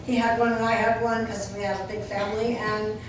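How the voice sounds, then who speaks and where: A woman's voice: mid-range voice, flat delivery, fairly quick. An older woman speaking at a memorial service, telling fond stories about a late friend. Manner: warm storytelling with fond laughs. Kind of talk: eulogy. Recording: echoey hall from far off, noisy.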